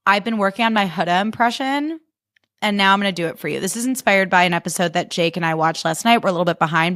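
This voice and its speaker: A woman's voice: lowish voice, a bit bright, no echo, clean studio sound. A woman podcast host and comedian in a casual comic monologue, chatty and sarcastic, full of fillers.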